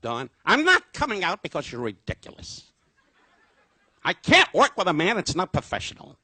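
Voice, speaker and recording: An older man putting on the voice of an indignant, short-tempered comic man who barks complaints in clipped, high outbursts. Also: huge pitch swings, moderate pace, sharp tone, slightly rough, dry recording, full character voice. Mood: exasperated.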